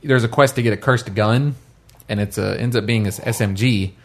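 A man's voice: on the low side, normal speed. A man in casual conversation about a video game who keeps acting out game characters' lines in funny voices.

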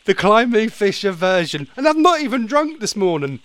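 Chatty, animated radio host. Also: male voice, high-pitched, a little fast, few pauses. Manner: chatty, rambling and playfully theatrical. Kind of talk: casual radio chat.

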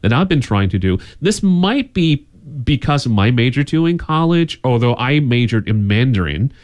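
A man's voice: mid-range voice, very animated, normal speed, a little mellow. A man co-hosting a radio talk show, sharing his views earnestly with some hesitant restarts.

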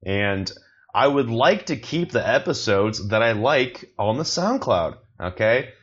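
A man's voice: medium pitch, big pitch swings, a little slow, lo-fi sound. A man hosting a casual solo podcast, rambling with many fillers and restarts, joking at his own expense. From not from China, living in Beijing. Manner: rambling, self-deprecating, lots of fillers and restarts. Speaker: podcast host.

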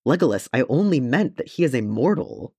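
A steady male ranger king, read by a man in an audiobook talks calmly and thoughtfully with a dry wit. The pitch moves about a lot. The sound is close and dry. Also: a little fast, husky, no echo. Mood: wry. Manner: calm and thoughtful. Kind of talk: audiobook character reading.

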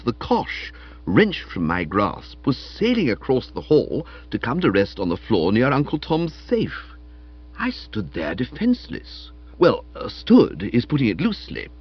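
A man reading a comic novel aloud as a wry, animated storyteller, in a dull lo-fi recording. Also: mid-range voice, husky. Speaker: audiobook reader. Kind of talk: scripted comic novel narration.

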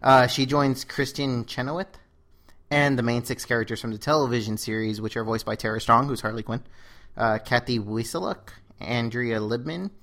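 A man in a casual podcast chat, rattling off entertainment news. His voice sits at an ordinary middle pitch. He is dry and sarcastic, and he rambles with lots of restarts. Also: normal speed, fairly bright tone. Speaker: podcast co-host.

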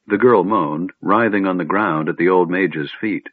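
A man narrating a fantasy audiobook in an expressive storytelling manner. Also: low voice, a little slow, hardly any pauses, no room sound. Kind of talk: scripted narration. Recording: narrow phone-like sound, dry.

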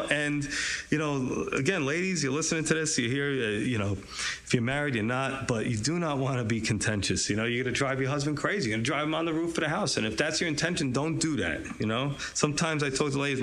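A man's voice: mid-range voice, brisk, a bit bright. Chatty man teaching a casual sermon. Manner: conversational, chuckles often, many fillers and asides. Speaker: pastor teaching a Bible study.

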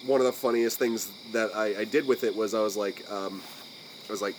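An American man co-hosting a podcast, talking casually with frequent swearing and pausing to search for his words. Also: lowish voice, fairly even intonation, a little hiss or hum, low-quality recording. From United States. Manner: rambling, profane, searching for words. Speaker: podcast co-host.

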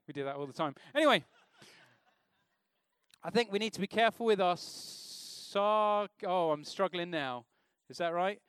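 A man's voice: high-pitched, expressive, moderate pace, a bit bright, clear, resonant tone, no room sound, clean studio sound. A man preaching an informal sermon in a church, talking conversationally and asking the congregation questions.

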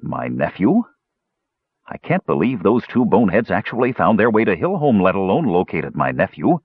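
Man playing a grumbling dwarf, husky deep voice, tinny dry audio. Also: very animated, moderate pace, no echo, exaggerated voice. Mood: gruff. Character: gruff grumpy male hill dwarf.

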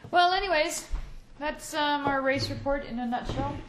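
A woman's voice: sits high, normal speed, a bit bright, a little hiss or hum, rough recording. A woman hosting a podcast in casual, chatty talk from a small home office studio. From Canada. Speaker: podcast host.

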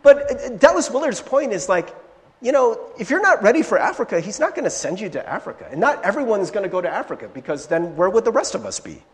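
Man, pastor, casual sermon, high voice, long hall echo, church. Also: quick pace. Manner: animated, conversational, many "right?" asides and restarts. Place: church sanctuary.

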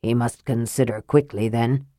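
A woman voicing a frail, sly male mage in an audiobook, with a soft, low, reproachful murmur. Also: fairly even intonation, moderate pace, no echo, clean studio sound. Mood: sardonic. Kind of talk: audiobook character voice.

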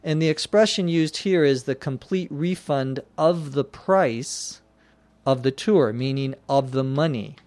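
Slow deliberate male English teacher. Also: fairly high pitch, a little mellow, no echo. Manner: spells out words letter by letter, careful and deliberate. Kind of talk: slow explanatory lesson.

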